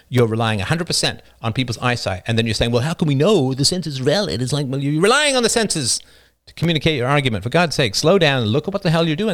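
A man's voice: a little high, fairly bright tone. Passionate middle-aged male talk-show host. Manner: passionate and emphatic, reads chat messages aloud. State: slightly rough voice. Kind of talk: live call-in philosophy show.

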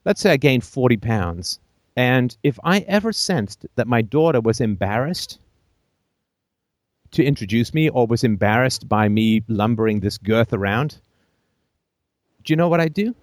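A man's voice: mid-range voice, expressive, a little slow, no echo, clean studio sound. A man hosting a call-in show, giving blunt, emphatic advice full of profanity and jokey asides.

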